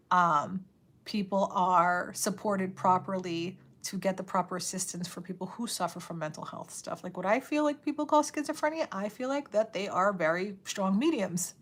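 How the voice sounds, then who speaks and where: A woman in her thirties hosts a live stream, chatting casually with plenty of "like" fillers and laughter as she reads viewer comments. Her medium-pitched voice is a bit bright and growing slightly raspy.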